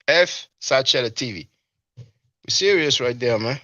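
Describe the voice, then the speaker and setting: Bright, scornful man commenting. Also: medium pitch, no room sound, lo-fi sound. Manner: scornful, mocking, repeats "you see?". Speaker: commentator reacting to a live stream. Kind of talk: casual commentary with chat reading. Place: abroad in Europe.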